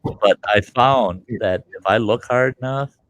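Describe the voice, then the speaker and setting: A man's voice: medium pitch, a little slow, a bit bright, no echo. A middle-aged man hosting a livestream, telling rambling, colorful anecdotes in a folksy way and acting out what people said. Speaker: livestream host. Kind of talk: folksy storytelling chat.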